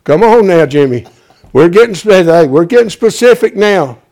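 High-voiced preacher. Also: male voice, animated, moderate pace. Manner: folksy, calls out to congregation, swings from loud to hushed. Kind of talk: sermon.

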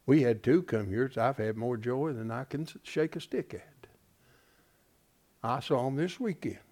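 A middle-aged man preaching a sermon, folksy and emphatic, dropping from loud declarations to hushed asides. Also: mid-range voice, moderate pace.

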